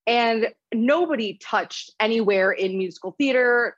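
Young woman on a podcast, lively storyteller, dull muffled dry sound. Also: medium pitch, no room sound. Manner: animated storyteller, quick silly voices for quotes. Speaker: podcast guest. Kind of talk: casual chat.

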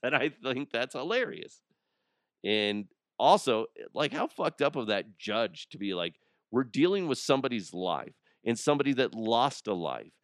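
A man's voice: mid-range voice, sing-song, moderate pace, fairly bright tone, no room sound, clean studio sound. A middle-aged man hosting a podcast, chatting casually, laughing often and swearing freely. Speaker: podcast host. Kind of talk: casual solo chat.

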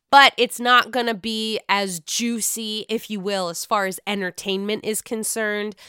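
A woman talks in a relaxed, chatty way, swearing often and telling things with animated energy. Her voice is bright and sharp with a clean, smooth tone. The recording is dry and close, with no room sound. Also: mid-range voice, dry recording. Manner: chatty, profane, animated retelling. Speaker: podcast host recapping reality TV. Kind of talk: casual chat.

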